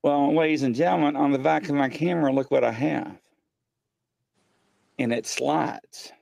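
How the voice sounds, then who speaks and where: A man hosting a live paranormal show from his home studio, telling ghost stories excitedly and acting out what people said. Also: fairly high pitch, normal speed, gravelly, no echo. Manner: excitable storyteller, acts out quotes. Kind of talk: casual live-stream chat. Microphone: desk mic.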